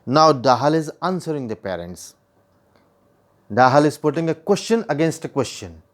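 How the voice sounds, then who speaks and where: Lively Indian English man explaining a poem. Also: fairly high pitch, normal speed. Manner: repeats and rephrases points, asks the listener questions. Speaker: teacher.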